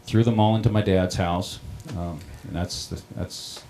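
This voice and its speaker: Deep-voiced man telling his own story. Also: fairly even intonation, dark tone, a little hiss or hum. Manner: plain-spoken, halting, many ums and restarts. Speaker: water district operator on a panel. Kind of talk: personal storytelling.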